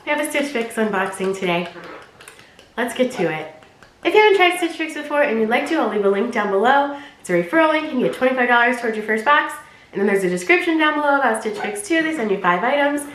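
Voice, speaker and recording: A woman's voice: a little high, animated, quick pace, a bit bright, roomy sound, low-quality recording. A woman vlogger chatting through an unboxing in a bubbly, giggly, rambling way, her voice stuffy and nasal from allergies. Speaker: vlogger reviewing a clothing box.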